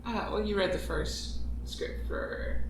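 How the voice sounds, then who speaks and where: A man chatting animatedly in a casual group conversation about making his podcast, with quick asides. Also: high voice, a loud crowd. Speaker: podcast creator. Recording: echoey room, far from mic.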